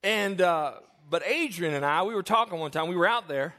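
Animated pastor telling a story. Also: male voice, high-pitched, fairly quick. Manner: animated storyteller acting out quoted voices. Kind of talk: sermon storytelling.

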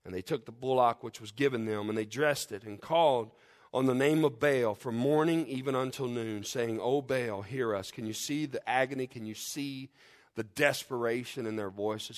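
Male preacher, fervent, emphatic sermon delivery with quiet prayerful stretches. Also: mid-range voice. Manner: fervent, rising to loud emphatic peaks then dropping quiet; reads scripture in King James wording. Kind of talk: sermon with scripture reading and prayer.

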